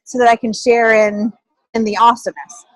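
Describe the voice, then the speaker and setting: Woman kinda unsure, restarting her sentences, dry close sound, slightly high. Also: little pitch movement, fairly quick, no echo, rough recording. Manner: hesitant, restarts and trails off.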